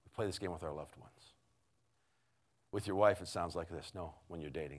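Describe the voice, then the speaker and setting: Deep-voiced male preacher telling a story. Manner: conversational, halting with many restarts, swinging from hushed to loud. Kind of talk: storytelling sermon.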